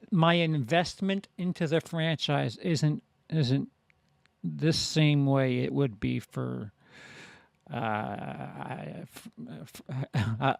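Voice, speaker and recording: A man giving a casual spoken film review, halting and full of restarts. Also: a little high, vocal fry, no room sound. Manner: halting, many restarts and fillers.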